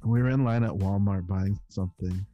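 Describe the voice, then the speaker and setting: A man's voice: low-pitched, fairly even intonation, fairly quick, warm tone, muffled recording, soft background music. A man in a casual podcast chat, chatty and laughing often. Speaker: podcast guest.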